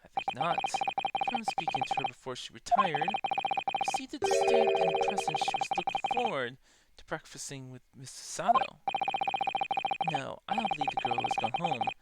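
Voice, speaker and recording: A woman doing a lofty gentleman detective. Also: low voice, sing-song, very noisy, voice pushed down. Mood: grave. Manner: lofty, formal, deliberate. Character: brisk eccentric male gentleman detective. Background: loud game music.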